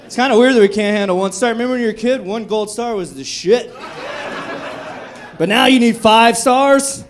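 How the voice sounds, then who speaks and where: A young man doing a profane, conversational stand-up set on a comedy club stage into a handheld mic. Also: sits high. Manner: profane, conversational, acts out drunk voices.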